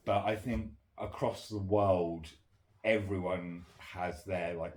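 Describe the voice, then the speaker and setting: A man's voice: sits low, a little mellow. A man co-hosting a casual chat podcast, talking things through thoughtfully and listing examples. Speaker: podcast co-host.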